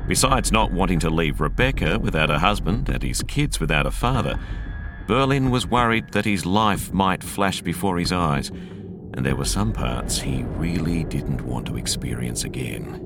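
A man reading a novel aloud as an audiobook narrator, in a measured, expressive storytelling manner. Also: extremely low pitch, creaky, background noise.

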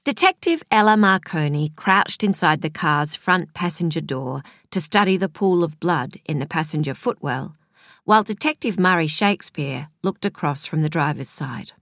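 A woman reading a crime novel aloud as audiobook narrator, in a measured, even storytelling manner. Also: sits low, no room sound, studio quality. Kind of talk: scripted narration.

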